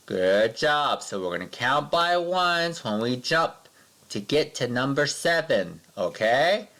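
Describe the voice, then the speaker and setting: A man teaching a math lesson to young children, patient and sing-song, counting along slowly with his pupils. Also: medium pitch, very animated, fairly bright tone.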